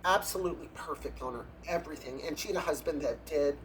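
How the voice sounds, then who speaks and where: A man's voice: fairly high pitch, fast talker, a little hiss or hum. A man, a drag performer, telling catty backstage stories in a casual, gossipy interview, breaking into laughs and gasps.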